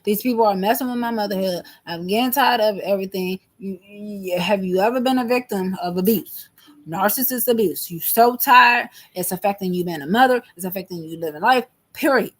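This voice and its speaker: Thirtysomething woman ranting into her phone, keeps repeating herself, worked up, mid-pitched. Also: brisk. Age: 30s. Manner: emphatic, repetitive, agitated. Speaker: vlogger. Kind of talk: venting monologue to camera.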